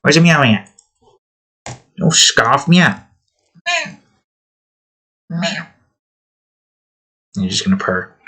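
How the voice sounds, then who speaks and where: A man's voice: mid-range voice, expressive, normal speed, pauses often, sharp tone. A man hosting his own art channel, chatting casually while he draws, rambling and trailing off. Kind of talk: casual talk while drawing.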